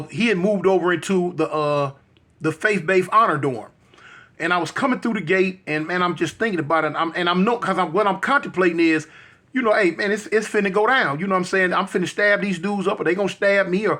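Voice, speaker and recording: A man's voice: high voice, brisk, bright, forceful tone. A man telling a personal story in a casual, slangy, conversational way, often checking in with the listener. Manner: slangy, conversational, frequent "you know what I'm saying".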